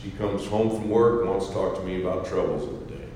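A man's voice: low-pitched, fast talker, few pauses, slight background noise. Preacher man in an echoey hall. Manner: swings from hushed scripture quotes to loud emphatic asides. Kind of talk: sermon. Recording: echoey hall with faint ambience.

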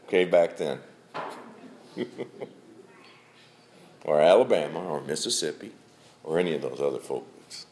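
A man's voice: sits low, darkish tone, echoey room. A middle-aged man preaching a sermon in a church, folksy, calling out members of the congregation by name.

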